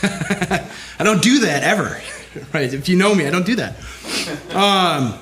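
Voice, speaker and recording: A pastor delivers a conference talk emphatically, tacking "right?" onto nearly every line to check in with the audience. His voice sits high and a bit bright, animated but slow.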